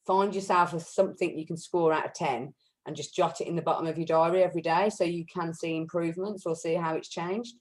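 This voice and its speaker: A woman chatting casually as a wellness practitioner, telling lively stories and acting out what people said. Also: low voice, poor audio. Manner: lively storyteller, acts out quotes; self-described shouty. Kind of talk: casual group chat.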